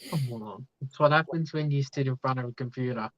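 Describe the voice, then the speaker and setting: A man's voice: medium pitch, fairly quick, fairly bright tone, no echo, rough recording. A man in casual chat, mostly giving short agreeing replies.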